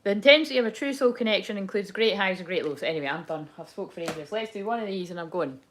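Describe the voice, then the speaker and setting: A woman's voice: medium pitch, fast talker, a little hiss or hum. A young adult woman, chatting casually through a tarot reading, rambling and swearing freely as she laughs along. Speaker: tarot reader. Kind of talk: casual live tarot chat.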